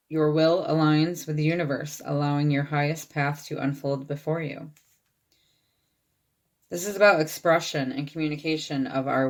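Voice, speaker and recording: A woman giving a channeled tarot reading, reading card texts aloud and checking in with her listeners. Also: sits low. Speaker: tarot reader.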